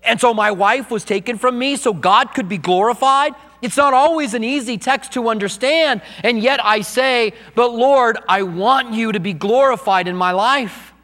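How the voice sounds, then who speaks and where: A man's voice: very high voice, fairly bright tone, big-room sound. A middle-aged man preaching a sermon as pastor, earnest and personal as he tells his own story.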